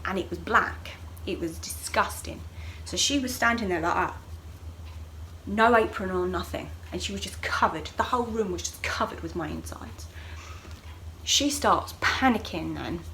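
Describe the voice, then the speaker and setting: A young woman recounts a personal story for her vlog, relaxed and chatty. She throws herself into the quoted lines, jumping high and loud whenever she voices someone. A light background hiss sits under her mid-pitched voice. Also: moderate pace, poor audio. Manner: animated, acts out voices of others with sharp jumps in pitch and loudness. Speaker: vlogger. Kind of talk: casual storytelling to camera.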